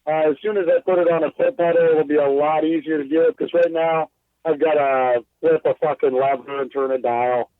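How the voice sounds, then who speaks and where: A guest glassblower calls into a podcast interview from inside his bus, talking loosely and self-deprecatingly with lots of swearing and filler words. His voice is a little high, steady in tone, and brisk. The phone line sounds tinny, with no room sound.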